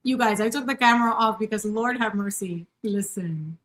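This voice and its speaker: Live from her home kitchen, a channel host in her thirties bakes and chats with viewers in a bubbly, effusive way, calling them by name. She speaks at a moderate pace in a mid-range, fairly bright voice.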